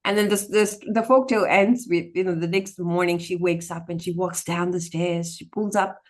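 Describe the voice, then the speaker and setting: Animated woman storyteller. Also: lowish voice, normal speed. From Singapore. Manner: animated, expressive, slips into acted voices. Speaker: storyteller and educator, guest. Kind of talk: casual interview conversation.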